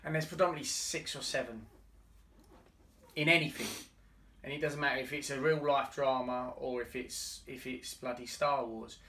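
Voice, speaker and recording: A bright, forceful man talks earnestly in casual podcast chat and often stumbles and restarts his words. He sits back from the mic, and the room around him echoes. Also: mid-range voice, steady tone, normal speed, recorded from a distance. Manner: earnest, many restarts and stammers. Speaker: podcast co-host. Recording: roomy, off-mic.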